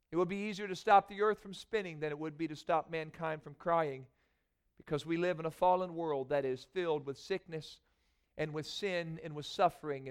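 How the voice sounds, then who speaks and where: A man preaching a sermon in a church, moving from quiet prayer into rising, emphatic preaching. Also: on the high side, smooth. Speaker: pastor. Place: church sanctuary.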